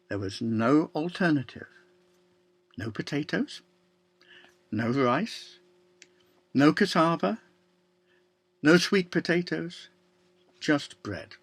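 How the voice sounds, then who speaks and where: A man preaching a sermon, slow and deliberate, with long pauses and quiet drops to a near-whisper. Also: medium pitch. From Ireland.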